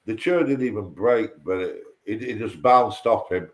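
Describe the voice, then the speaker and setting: A man's voice: on the low side, normal speed. A man telling a rambling, sweary story on a casual livestream chat, repeating himself and tripping over his words.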